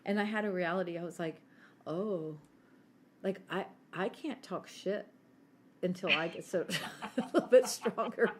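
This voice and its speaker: A woman's voice: fairly low pitch, measured pace, long pauses, a little hiss or hum. A woman in her forties telling stories in casual chat as a podcast co-host, brash, laughing and swearing freely.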